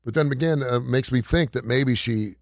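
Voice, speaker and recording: A man's voice: medium pitch, normal speed, dry recording, clean studio sound. A middle-aged man hosting a radio talk show, chatting casually and reading headlines aloud. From not from the South. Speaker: radio host.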